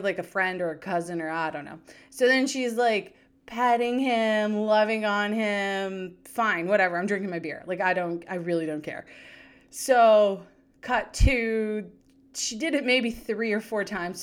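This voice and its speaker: A woman in her thirties hosting a podcast, telling stories in a chatty, animated way. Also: mid-range voice, moderate pace. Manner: chatty, animated, acts out quoted voices. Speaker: podcast host. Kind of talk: casual storytelling chat.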